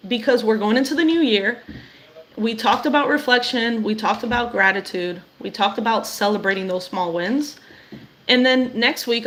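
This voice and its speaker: A young woman hosting a weekly live stream, talking encouragingly and directly to her viewers. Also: fairly high pitch. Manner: warm, affirming, addresses viewers directly.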